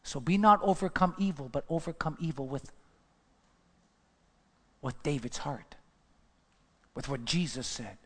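A man's voice: on the high side, unhurried, pauses often, slightly rough. Emphatic male preacher in echoing church. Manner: emphatic, repetitive, exhorting. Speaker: pastor. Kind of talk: sermon.

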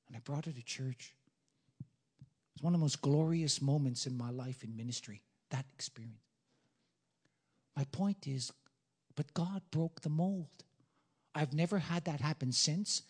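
Husky-voiced preacher guy telling a story in a sermon, goes from whispering to shouting. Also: on the high side. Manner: swings from hushed whispers to loud emphatic bursts. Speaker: pastor.

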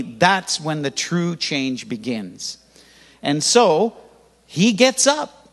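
An older man preaching a sermon as pastor, lively and humorous, with sudden loud rises. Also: a little high, slow pace, creaky, long pauses, slightly rough. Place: church hall. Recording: church hall reverb.

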